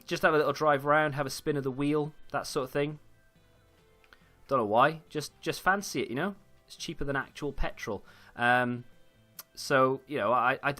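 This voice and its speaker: A young gaming YouTuber chats casually while commentating on his own football video game, rambling with plenty of fillers and restarts. His voice is medium in pitch with a sharp tone.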